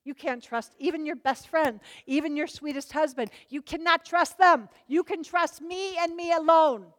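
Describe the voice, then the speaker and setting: A woman preaching a sermon, emphatic, swinging between loud declarations and soft low asides. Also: normal speed.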